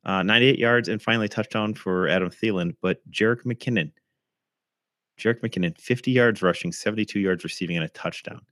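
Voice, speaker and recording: A man hosting a casual fantasy football recap podcast, slightly hoarse with something in his throat, talking conversationally with frequent ums and throat clearing. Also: fairly low pitch, brisk, fairly bright tone, dry recording, clean studio sound. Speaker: podcast host.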